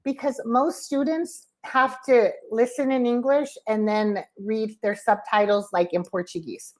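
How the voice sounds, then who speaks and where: A woman's voice: fairly high pitch, fairly even intonation, measured pace. An American woman tutoring English on a video call, encouraging and laughing often as she talks. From USA. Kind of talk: casual online lesson chat.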